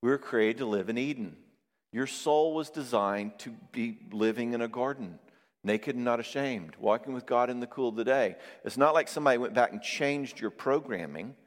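A man preaching a sermon on marriage, lively and conversational, acting out quoted voices now and then. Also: mid-range voice, moderate pace. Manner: animated, acts out quoted voices. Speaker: pastor and therapist. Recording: long reverb of a hall.

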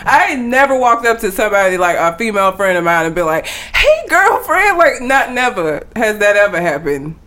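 A woman chatting casually on a podcast, emphatic and animated, laughing often. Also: mid-range voice, fast talker, hardly any pauses. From grew up in the country. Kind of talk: casual chat.

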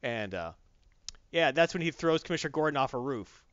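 A man in casual chat, retelling a comic story in a rambling, animated way with lots of fillers. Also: medium pitch, brisk, no echo, lo-fi sound.

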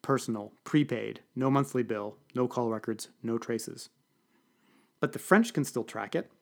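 A man's voice: mid-range voice, a little slow, gravelly. Dude reading as a cool clipped diplomat woman, talks down to people. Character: sharp, condescending female diplomat.

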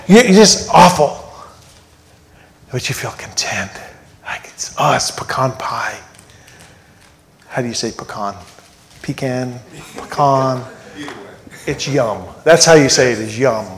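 A man preaches a sermon with a voice pitched a little high. He reads passages aloud, then breaks them down in an easy, conversational way, dropping in playful jokes. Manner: conversational preaching with joking asides; reads scripture aloud and unpacks it line by line. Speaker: pastor. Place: church.

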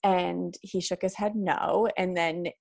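Woman, lowish gravelly voice, chatty and informal parenting expert, dry close recording. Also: steady tone, takes it slowly, darkish tone, no room sound. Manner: chatty, frequent "like" and "right?" fillers. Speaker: parenting educator guest. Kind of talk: casual conversational advice.

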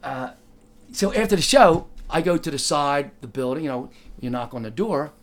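A man's voice: on the high side, lively intonation, moderate pace, a little hiss or hum. An older man telling a casual, rambling anecdote, full of "like" and "you know" and acting out the other voices in his story. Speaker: storyteller recalling working as a driver.

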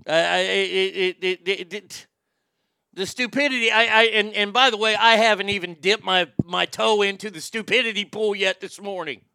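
A man's voice: high-pitched, steady tone, moderate pace, creaky, sharp tone, clear, resonant tone, no echo, clean studio sound. A man hosting a casual show, ranting sarcastically with lots of profanity. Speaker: podcast host.

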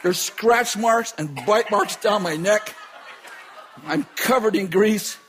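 A man telling a dramatic personal story with laughter and bursts of shouting. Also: sits high, takes it slowly, a faint crowd, slight background noise.

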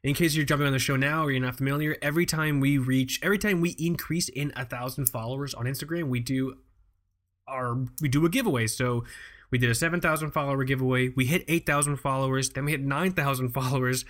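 A man's voice: medium pitch, fairly even intonation, fast talker, a bit bright. A laid-back man co-hosting a casual podcast. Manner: loose, joking, swears freely. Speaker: podcast co-host. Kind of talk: casual chat.

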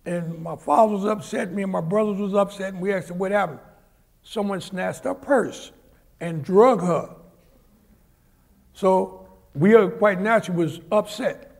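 High, gravelly older New man. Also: normal speed. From Harlem, New York. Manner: vivid anecdotal storyteller, acts out the people in his stories. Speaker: guest, former Olympic sprinter. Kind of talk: storytelling on stage. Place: large auditorium, live event.

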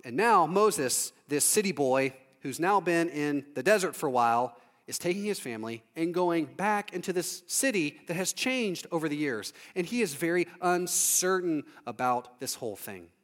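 A man preaching a storytelling sermon in a relaxed, humorous way, acting out little scenes as he goes. His voice sits fairly high for a man. A long reverb trails his words, as in a big sanctuary. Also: normal speed, hardly any pauses. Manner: conversational and humorous, with lively acted-out asides.

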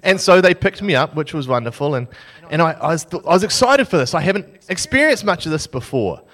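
A young man from New Zealand preaching a sermon as a lively, self-mocking story. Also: on the high side, a little fast.

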